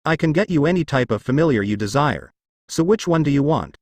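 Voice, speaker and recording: This is an eager young male devil trainee offering creatures to newcomers in a storybook reading. A man reads his part in his own voice. The pitch moves a lot, on a dry, close mic. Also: lively intonation, fairly quick, a little mellow, dry recording.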